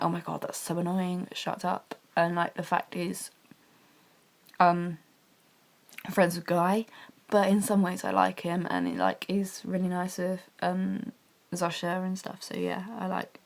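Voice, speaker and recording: A young woman gushing about a TV drama in a rambling, chatty fan vlog, talking quietly from her bedroom. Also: lowish voice. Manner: speaking quietly. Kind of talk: casual TV review vlog. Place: bedroom at home.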